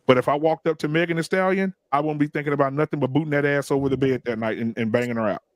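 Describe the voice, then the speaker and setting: A man's voice: fairly high pitch, racing, no room sound. Blunt, profane man telling stories. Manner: blunt, profane, animated storytelling with acted quotes. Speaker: podcast co-host. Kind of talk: casual group chat, storytelling.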